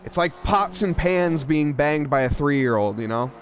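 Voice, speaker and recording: A man's voice: a little high, expressive, measured pace, faint music behind. A man giving live play-by-play for a sim racing stream, joking and bantering with chat between race updates.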